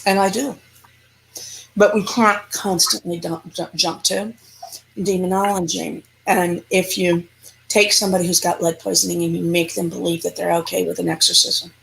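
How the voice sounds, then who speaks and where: A woman's voice: on the low side, normal speed, vocal fry, slight background noise, low-quality recording. A woman, a paranormal investigator, speaking emphatically and animatedly as an interview guest. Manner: emphatic, animated, laughs often. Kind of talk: casual interview chat.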